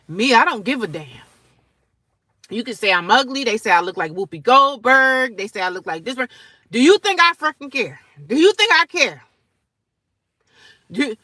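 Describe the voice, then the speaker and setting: A woman in her forties vlogging straight to her viewers, defiant and sarcastic, jumping from loud outbursts to low mutters. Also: no room sound. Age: 40s. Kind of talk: casual direct-to-camera rant.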